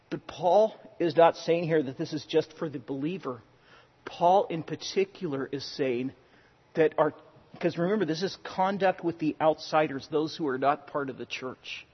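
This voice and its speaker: Husky-voiced pastor preaching in a hall. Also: male voice, a little high, lo-fi sound. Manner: conversational preaching with personal anecdotes, swings from loud to hushed. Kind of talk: sermon.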